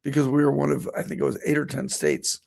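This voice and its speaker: Man, middle-aged, very gravelly voice, veterinarian speaker, storytelling anecdote. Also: mid-range voice, flat delivery, fast talker, a little mellow. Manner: storytelling, quoting himself and others. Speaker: veterinarian giving a talk. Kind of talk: personal anecdote in a speech.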